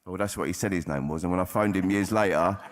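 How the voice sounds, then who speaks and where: A very deep, low-pitched male voice tells his story to an audience. His delivery is plain-spoken and frank, with casual swearing. It has the candid tone of a personal testimony. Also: quick pace. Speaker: recovering addict sharing at a convention.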